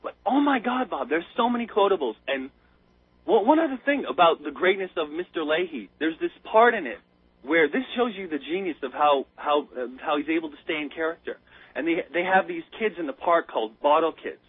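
A man calls in over a thin, tinny phone line, his voice husky and pitched a little high. He tells his story in an excited, rambling rush, stumbling and restarting as he goes, and the sound is dry and close. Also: a little fast, dry recording. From United States. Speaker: caller. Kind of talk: casual chat.

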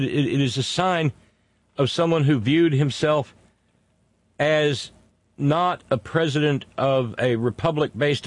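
A man hosting a political commentary monologue, indignant, stretching key words slowly for emphasis. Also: fairly high pitch, no echo. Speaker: host.

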